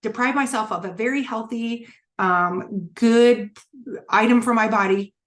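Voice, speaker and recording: A woman's voice: fairly high pitch, unhurried. Chatty candid woman coaching on diet. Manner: chatty, candid, many fillers and restarts. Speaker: wellness challenge coach. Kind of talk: casual teaching talk.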